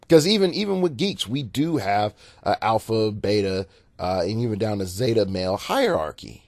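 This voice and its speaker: A man's voice: lowish voice, a little mellow, no echo. A man hosting a solo podcast and coaching gamers in a rambling, casual monologue, repeating words and chuckling at his own jokes. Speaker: podcast host and game coach.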